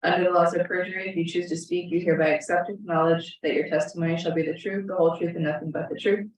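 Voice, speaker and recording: Woman, city clerk, brisk formal reading, lower voice, echoey room, distant. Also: steady tone. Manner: brisk, reads set wording. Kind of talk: formal meeting procedure.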